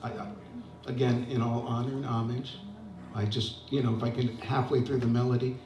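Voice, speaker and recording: Speaking fairly quickly with little pitch movement, an older open mic host and singer fills the gaps between songs with casual, self-deprecating remarks in a medium-pitched voice. The distant mic gives a roomy sound, with guitar behind him.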